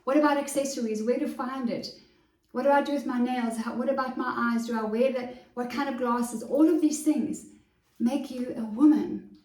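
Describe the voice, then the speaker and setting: A woman's voice: high-pitched, fairly even intonation, moderate pace, darkish tone. A woman, a confidence coach, chatting eagerly and straight to the viewer in a casual fashion vlog filmed in her home closet. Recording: roomy sound, voice from a distance.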